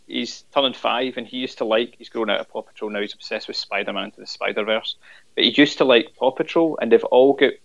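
A man's voice: mid-range voice, a little fast, creaky, a bit bright, highs cut off. Jokey man in his thirties. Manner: jokey, self-deprecating, rambling. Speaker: podcast guest. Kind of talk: casual chat.

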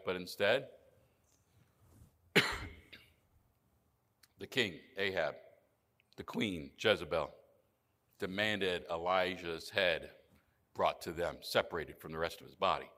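A male pastor preaching a sermon in an earnest manner, often dropping to a soft, low voice for emphasis. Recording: church hall reverb.

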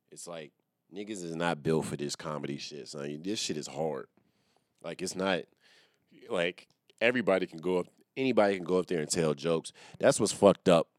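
In his solo comedy podcast, a stand-up comedian and host delivers a casual, rambling rant loaded with profanity and slang, laughing at his own jokes. His bass voice comes through clean studio sound without echo.

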